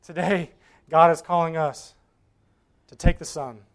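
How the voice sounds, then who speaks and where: A male preacher telling a story in a sermon, swinging between loud bursts and near whispers and acting out the voices of the people in it. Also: on the high side, fairly even intonation, a little slow. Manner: acts out voices in his stories.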